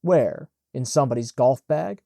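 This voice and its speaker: A man voicing an irritable adult golfer who answers in short, dismissive lines, pitched a little higher than his reading voice. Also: moderate pace, creaky, dark tone, no echo, clean studio sound, natural voice. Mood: curt.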